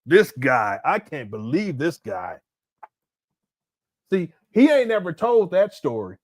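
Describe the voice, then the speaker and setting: Lively, indignant man reacting to a clip. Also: on the high side, takes it slowly. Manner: incredulous, indignant, laughs often. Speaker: commentary channel host. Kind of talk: reaction commentary.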